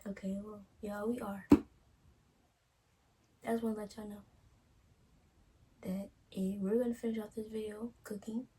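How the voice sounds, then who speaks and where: A woman's voice: mid-range voice, little pitch movement, normal speed, pauses often, dark tone, slight background noise. A woman co-hosting a couples vlog in casual chat, giggly and drawling, talking to her viewers as y'all. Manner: giggly, keeps breaking into laughter. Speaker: vlog co-host.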